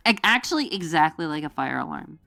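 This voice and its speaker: A young-sounding woman streamer rambles through a casual chat with her viewers, full of fillers and giggles. She keeps breaking into silly voices to act out her stories, and her voice sits close and dry with soft music behind it. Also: low-pitched, sing-song, brisk, gravelly, dry recording. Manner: rambling, filler-heavy, giggly, jumps into goofy quoted voices. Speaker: VTuber streamer. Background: faint background music.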